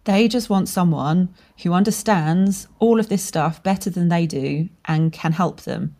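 Frank, swearing woman podcaster, lowish voice. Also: a little slow, dark tone. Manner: candid, swears freely, storytelling with laughs. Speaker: podcast host and brand strategist. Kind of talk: casual solo podcast monologue.

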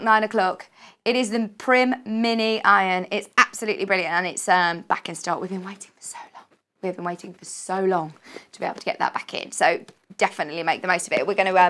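A young British woman presenting on a live shopping channel, bubbly and chatty, with quick asides and self-corrections. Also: mid-range voice, sharp tone. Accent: British English. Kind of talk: live TV selling chat. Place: TV studio.

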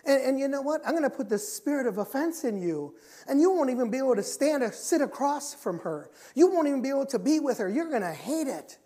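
A man preaching voices a sly tempting spirit that pushes offense on a listener, raising his voice higher and louder. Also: big pitch swings, fast. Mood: coaxing.

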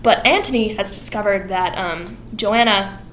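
A woman's voice: medium pitch, normal speed, a bit bright, reverberant, slight background noise, poor audio. A woman vlogger giving a casual plot summary in a chatty, irreverent way.

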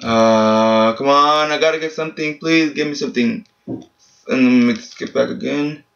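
A man's voice: mid-range voice, normal speed, gravelly, a bit bright, lo-fi sound. A seventeen-year-old boy giving casual, frustrated commentary while opening game packs at home, swearing often and keeping his voice down. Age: teens. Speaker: gaming channel host. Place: family home, speaking quietly.

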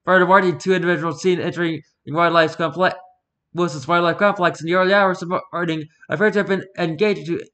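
A man's voice: on the high side, bright, forceful tone. A man putting on a news anchor voice to read an in-game news report aloud, stumbling and restarting words. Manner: formal newsreader delivery with stumbles and restarts. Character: adult male news anchor reading a report.

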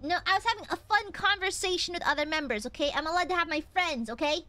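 A young woman streaming a game, chatting casually, teasing her chat and reading out donations in a playful, animated way. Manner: animated, quick pitch jumps. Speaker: VTuber streamer. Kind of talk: casual live-stream chat while gaming.

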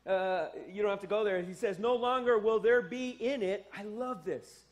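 High-voiced animated pastor preaching. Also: male voice, moderate pace. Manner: animated, joking asides, rising to emphatic exclamations. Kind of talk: sermon. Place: church sanctuary.

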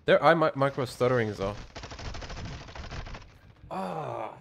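A man chatting through his own gameplay in loose, rambling commentary, muttering and cursing as he plays. His pitch sits in an ordinary middle range, and game gunfire sounds behind him. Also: expressive, slow pace, vocal fry, fairly bright tone, a little hiss or hum. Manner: rambling, swearing, muttering to himself. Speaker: streamer.

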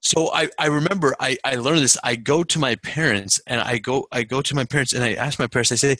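A man's voice: mid-range voice, a little fast, few pauses, dry recording. A man speaking as a motivational speaker at a seminar, telling a personal story with laughs along the way. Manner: storytelling, animated, laughs often. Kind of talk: seminar talk.

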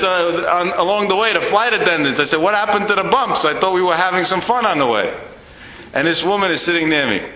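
A man's voice: sits high, bright, forceful tone. A man, a rabbi, giving a storytelling sermon and acting out the dialogue in his tale with animation. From United States. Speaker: rabbi lecturer. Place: synagogue hall. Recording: echoey hall.

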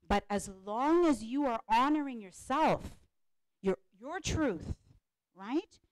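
A woman speaker and life coach giving an animated motivational talk to a live audience at a conference panel, repeating phrases and often checking in with "right?". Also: fairly high pitch, no echo. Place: conference hall.

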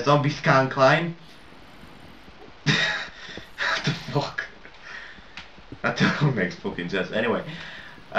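With a fairly low, fairly bright voice, a young non-native English speaker gives rambling, swearing commentary on casual gameplay and laughs at his own mistakes. A little hiss or hum runs under the audio, which comes from a lo-fi, roomy home mic placed at a distance.

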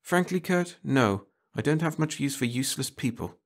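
A man voicing a cool, efficient female agent who speaks in crisp, cutting lines, in a read-aloud story. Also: mid-range voice, animated, normal speed, pitched above the performer's own voice. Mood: cool, scolding.

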